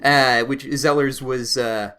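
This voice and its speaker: A man's voice: mid-range voice, steady tone, takes it slowly, sharp tone, clear, resonant tone. A young man from Canada, hosting a gaming channel, tells a rambling, self-mocking story while he plays, full of fillers and restarts. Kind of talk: casual storytelling while playing a game.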